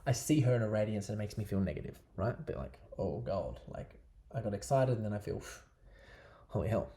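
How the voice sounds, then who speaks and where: Male dating coach, relaxed chatty delivery with a low, warm voice. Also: a little fast. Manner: chatty, loose, keeps asking "right?". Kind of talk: casual advice talk to camera.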